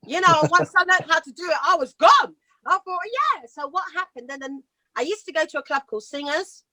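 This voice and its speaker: A British woman in her fifties, a singer telling rambling, lively stories in a casual interview and laughing often. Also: high-pitched, brisk, dry recording. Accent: British English. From Britain. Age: 50s. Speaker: singer guest. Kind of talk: casual storytelling chat.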